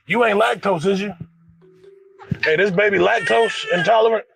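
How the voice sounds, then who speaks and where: A man's voice: sits high, normal speed, gravelly, over music. A man doing a comedy sketch, with teasing, slangy banter.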